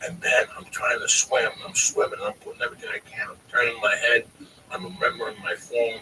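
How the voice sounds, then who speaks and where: A man telling a long, profane, animated story on a podcast, often calling his listener by name. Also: mid-range voice, brisk, distant mic, slight background noise, low-quality recording. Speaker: storyteller guest.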